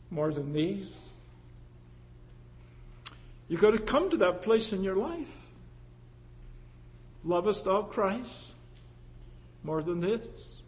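Impassioned high-voiced male preacher. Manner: impassioned preaching, swinging from loud to hushed. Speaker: pastor. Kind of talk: sermon.

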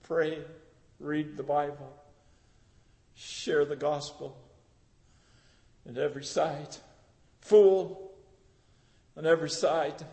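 An older man preaching a sermon with passion, swinging from hushed tones to shouts. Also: on the high side, flat delivery, slow pace, gravelly, pauses often, in a large hall.

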